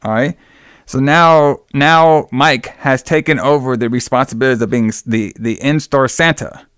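A man's voice: medium pitch, normal speed, fairly bright tone, clear, resonant tone, dry recording, studio quality. A young man casually recapping a film plot, rambling and full of fillers. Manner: rambling, many fillers and restarts.

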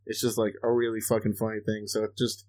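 A man's voice: lowish voice, monotone, fast, a little mellow. A man chatting casually as a podcast co-host, rambling and swearing, with lots of fillers. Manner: rambling, profane, loose storytelling with lots of fillers. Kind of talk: casual chat.

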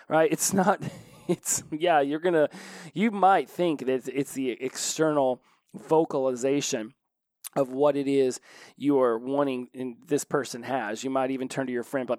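A man in his forties speaks quickly and with energy in an easygoing motivational talk on recovery. His pitch sits in an ordinary middle range. The recording is dry and close. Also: dry recording. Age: 40s. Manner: animated, fast, keeps asking "right?".

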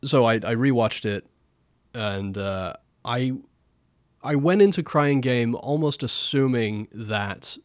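A man co-hosting a casual film discussion, blunt and animated, swearing often. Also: mid-range voice, slow, no echo, clean studio sound. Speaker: podcast co-host.

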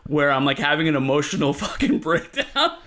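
A man with a bright, forceful voice spins a comedic story as a podcast guest. He sits somewhat high for a man. He talks in an animated, profane way and piles up fillers as he goes. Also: fairly quick.

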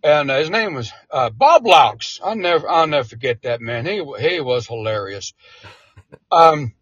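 Man, veteran, husky, lively pitch, animated storyteller, dull dry recording. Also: normal speed, no room sound. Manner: animated storyteller, chuckles often. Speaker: military veteran, interviewee. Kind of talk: casual anecdote telling.

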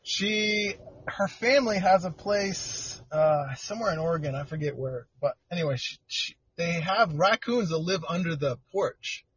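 High-pitched man, hesitant, lo-fi. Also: expressive, normal speed, a bit bright, slight background noise. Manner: hesitant, rambling, lots of fillers. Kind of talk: casual chat.

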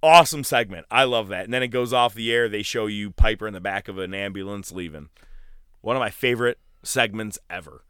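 A lower-pitched man with a smooth, clear voice, recapping old wrestling shows in casual podcast chat. He tells the stories with animation and bursts into loud impressions of the wrestlers. The sound is dry and close. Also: a little fast, no echo. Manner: animated storytelling, mimics wrestlers loudly. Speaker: podcast co-host.

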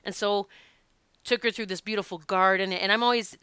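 Bright, crisp-voiced woman storyteller. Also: mid-range voice, moderate pace, no room sound. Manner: animated, emphatic storytelling. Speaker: past life regression practitioner. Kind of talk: casual spoken talk to an audience.

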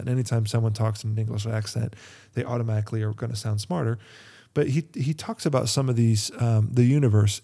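A man's voice: medium pitch, dark tone. A man talking in a casual, rambling monologue, full of fillers and restarts, as a Christian podcaster.

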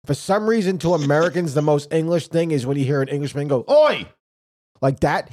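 A man's voice: on the high side, a little mellow. A man hosting an archery podcast, telling rambling, profane, jokey stories in casual chat. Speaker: podcast host.

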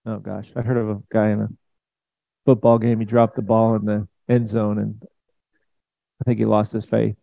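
A man preaching a sermon in a conversational, emphatic way, swinging between loud and soft. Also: lowish voice, level tone, moderate pace, creaky, long pauses, no echo, lo-fi sound. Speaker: pastor.

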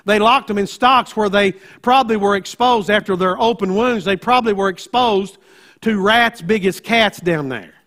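A male pastor preaching a sermon, moving from conversational teaching into loud, emphatic preaching. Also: high-pitched, normal speed.

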